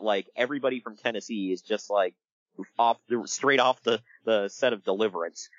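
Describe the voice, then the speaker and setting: A man hosting a casual podcast, telling stories in an animated way and laughing along. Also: mid-range voice, no room sound, muffled recording. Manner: animated storytelling with laughs and quick impressions. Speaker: podcast host. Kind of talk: casual wrestling podcast chat.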